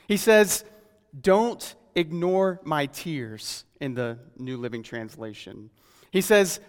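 A man delivers a sermon in a fairly high voice, earnest and searching as he asks his listeners questions. He slows right down whenever he reads scripture aloud. His voice carries a long reverb, as if filling a large hall. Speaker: preacher.

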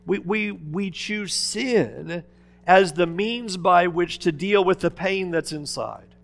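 A man preaching a sermon as pastor, swinging between loud, urgent appeals and hushed, quiet asides. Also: high voice, slow, creaky.

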